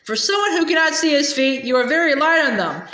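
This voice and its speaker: A woman's voice: high-pitched, lively intonation, brisk, sharp tone, voice pushed up. A woman voicing a short, fussy older male valet who is agitated and indignant, speaking frantically. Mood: frantic. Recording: echoey room.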